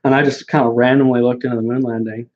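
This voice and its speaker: A young man talking bluntly and mockingly in casual chat as a podcast guest, halting with many restarts, on a dull lo-fi recording. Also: medium pitch, level tone. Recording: dull lo-fi sound.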